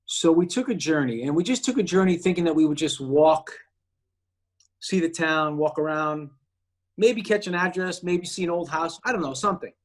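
Male actor guest, higher pitch, animated storyteller. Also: normal speed. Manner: animated storyteller acting out quoted voices. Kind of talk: casual storytelling.

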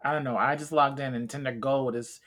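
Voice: medium pitch, steady tone, brisk, a bit bright. A podcast co-host in casual chat, indignant and emphatic.

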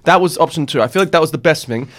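A man's voice: on the high side, racing, a bit bright. A young man, telling a story in a rambling casual podcast chat. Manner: rambling, lots of "like", laughs while telling. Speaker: podcast host.

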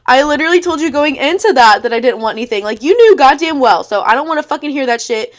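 A woman's voice: sits high, animated, fast, hardly any pauses. A young woman in her twenties hosting a casual storytime podcast, sarcastic and blunt, swearing freely as she reads old messages aloud. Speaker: podcast host.

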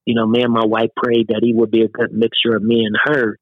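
Middle-aged male guest, earnest and chatty, mid-pitched voice, dry slightly dull recording. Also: monotone, fast talker, no room sound. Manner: earnest, peppers speech with "man". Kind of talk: casual interview talk.

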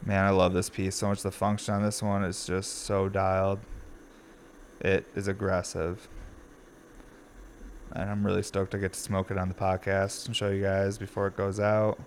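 A man in his thirties, tired and a bit raspy, rambling casually and swearing freely as he hosts a podcast from his glass studio. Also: deep voice, monotone, moderate pace, a little hiss or hum. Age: 30s. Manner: rambling, profane, laid-back.

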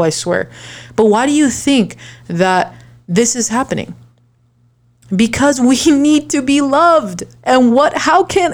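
A woman's voice: a little high, a little mellow. Woman giving an impassioned pep talk. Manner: earnest and emphatic, with frequent restarts and rhetorical questions; swings between slow deliberate lines and quick asides. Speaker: online creator. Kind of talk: impassioned motivational talk to viewers.

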